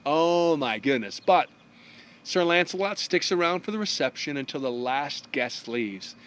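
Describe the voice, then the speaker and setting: Animated male storyteller, somewhat high voice. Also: normal speed. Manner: animated storyteller, briefly acting out the characters' lines. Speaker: speaker telling a story. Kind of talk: storytelling talk.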